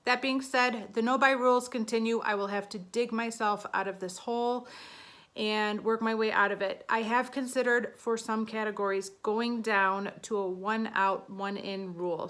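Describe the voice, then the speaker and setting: A woman's voice: fairly high pitch, a bit bright. A woman in her thirties talking casually to the camera as a beauty vlogger, chatty and a little flustered as she counts out her numbers.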